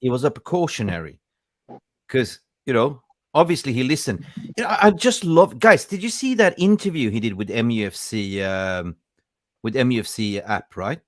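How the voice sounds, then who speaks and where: A man's voice: mid-range voice, big pitch swings, normal speed, no room sound, clean studio sound. Chatty man hosting a football podcast. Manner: chatty, jokey, greets viewers by name. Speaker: podcast host. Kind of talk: casual live-stream football chat.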